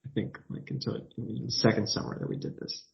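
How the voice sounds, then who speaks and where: A man hosting a podcast in casual chat, measured and dry. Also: mid-range voice, little pitch movement, creaky, lo-fi sound. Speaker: podcast host and editor.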